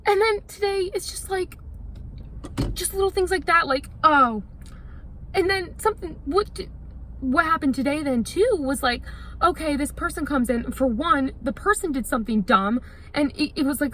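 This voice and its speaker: A young woman with a high, bright voice vents to the camera, rambling and frustrated and leaning on "like" as she goes. Her voice has a sharp edge. Faint ambient noise sits behind her. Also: moderate pace, rough recording. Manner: frustrated, rambling, many "like" fillers. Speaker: vlogger. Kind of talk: venting to camera.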